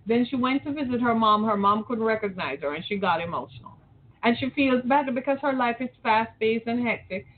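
Impassioned woman host on a tinny line. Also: fairly high pitch. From Metro Detroit, Michigan. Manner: preachy and impassioned, asks rhetorical questions. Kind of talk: opinion talk show monologue. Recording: tinny phone-like audio.

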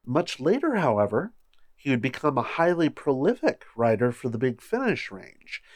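A man's voice: medium pitch, big pitch swings, no echo, studio quality. A man hosting a casual podcast discussion, chatty and easily amused. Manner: chatty, amused, quick to laugh. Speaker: podcast host.

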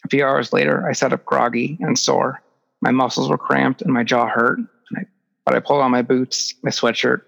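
A man's voice: medium pitch, vocal fry, fairly bright tone. A young man reading a first-person story aloud, dry and sarcastic in tone. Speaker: audiobook narrator. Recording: echoey, dull lo-fi recording.

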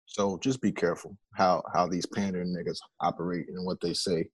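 A man's voice: deep voice, flat delivery, a little fast, husky. A man co-hosting a casual podcast chat who jokes and laughs often. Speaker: podcast co-host.

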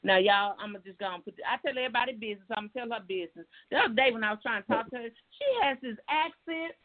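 A woman's voice: on the high side, rapid-fire. A woman hosting a talk show, chatting in an emphatic, folksy, encouraging way. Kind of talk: casual talk show conversation. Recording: tinny phone line with faint noise.

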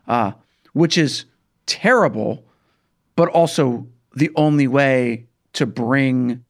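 A man in casual political discussion, halting with fillers and restarts. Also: mid-range voice, vocal fry. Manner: hesitant, restarts, many fillers like "like" and "right".

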